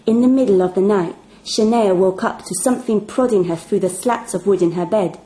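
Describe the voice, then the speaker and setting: A young woman reads a bedtime-style story. Her telling is playful and expressive, at a middle pitch. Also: brisk, poor audio. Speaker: narrator. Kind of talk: storybook reading.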